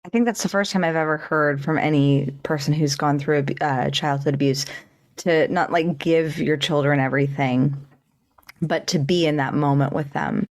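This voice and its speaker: A woman hosts a podcast interview in a low-pitched voice. She is upbeat and affirming and laughs easily between her questions. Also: steady tone, moderate pace. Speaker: podcast host. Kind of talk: interview hosting.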